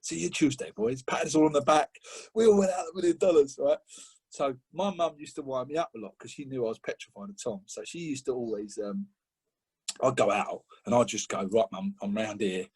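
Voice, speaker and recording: Husky man telling a lively football story. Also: fairly quick. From England. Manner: animated, laughing, acts out quotes with rising pitch. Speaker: podcast guest. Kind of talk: casual storytelling chat.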